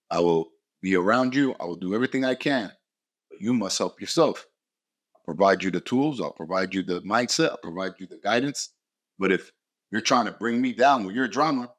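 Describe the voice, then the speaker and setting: Blunt, cursing motivational man. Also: on the low side. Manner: blunt, profane and emphatic; repeats short punchy phrases. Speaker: podcast host. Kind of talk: motivational podcast monologue.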